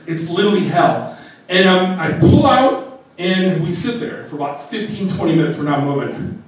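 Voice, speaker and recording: A middle-aged man telling a comic personal story on stage, animated and acting out voices. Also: high-pitched, moderate pace. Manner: animated, acts out voices, laughing through the telling. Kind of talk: stand-up storytelling. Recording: echoey room, distant mic.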